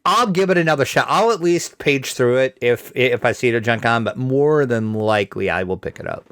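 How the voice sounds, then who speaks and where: A man's voice: medium pitch, expressive, brisk, fairly bright tone, no room sound. Co-host, man, blunt and casual, dry close sound. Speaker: podcast co-host. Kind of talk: casual chat about tabletop games.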